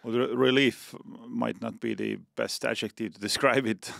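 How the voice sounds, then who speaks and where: A man with an Estonian accent, a defense official, explaining policy as a podcast guest in a deliberate way with many fillers and restarts. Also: medium pitch, fairly even intonation, creaky, fairly bright tone, no echo, clean studio sound.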